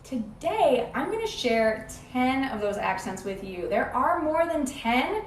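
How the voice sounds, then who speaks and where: A woman's voice: high voice, very animated, unhurried, roomy sound, distant mic, a little hiss or hum. A woman teaching English in an upbeat, friendly scripted video monologue, played back through a screen share.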